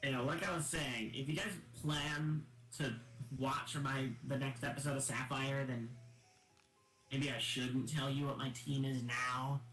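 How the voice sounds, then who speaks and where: A man's voice: medium pitch, steady tone, unhurried, a bit bright. A man streaming a game, chatting casually and joking with friends in rambling banter. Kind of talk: casual chat while gaming. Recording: roomy echo with game music.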